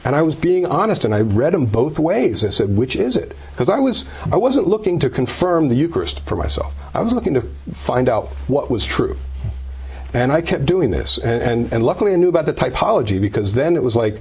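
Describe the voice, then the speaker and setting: Husky man giving an earnest testimony. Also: mid-range voice, a little fast, highs cut off. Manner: earnest and emphatic, builds to animated peaks; stumbling, with many repeated words. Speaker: speaker sharing a personal faith story. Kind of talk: informal testimony talk.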